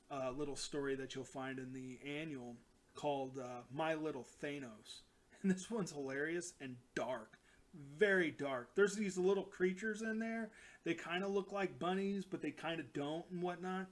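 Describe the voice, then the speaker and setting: A man casually recapping comic book stories alone, rambling and animated, slipping into quick character voices for quoted lines. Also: on the high side.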